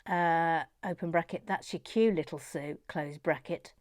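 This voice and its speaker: A woman's voice: deep voice, measured pace, no echo, studio quality. A woman hosts a casual livestream, reading out viewer comments in a giggly, playful, meandering way. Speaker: host.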